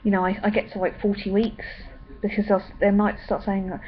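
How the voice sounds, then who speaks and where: A young woman chatting in a rambling way with many pauses and ums. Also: mid-range voice, level tone, muffled recording. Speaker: vlogger. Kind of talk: casual pregnancy update vlog.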